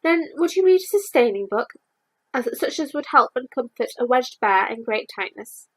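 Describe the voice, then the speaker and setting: A woman's voice: high-pitched, animated, normal speed, husky. A woman doing a plaintive, simple bear. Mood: anxious. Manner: plaintive, earnest, wailing when stuck. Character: honey-loving bear, male, plump, simple, gentle. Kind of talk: storybook read-aloud.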